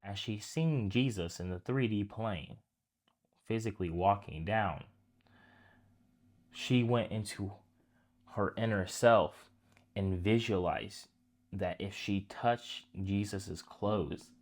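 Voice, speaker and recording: A man's voice: fairly low pitch, slow pace, pauses often. A man giving a casual, conversational sermon, retelling a story and talking straight to his listeners. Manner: conversational, addresses listeners as guys, restarts phrases. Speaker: preacher.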